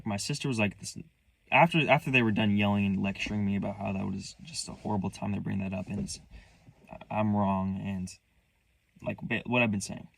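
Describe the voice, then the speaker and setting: A young man with a lowish voice and plenty of vocal fry tells a personal story straight into the mic. His delivery is halting and earnest, full of restarts, with a hurt undertone. The sound is close and dry, with no room around it. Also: no echo. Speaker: vlogger.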